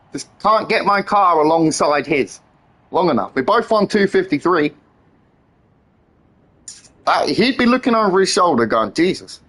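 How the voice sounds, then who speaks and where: A man streaming a racing game live, talking excitedly with friends and swearing freely as he teases them. His voice sits high and swings widely in pitch. It has a rough, husky edge. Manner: excitable, swears often, teasing banter with friends. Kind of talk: live-stream gameplay chat.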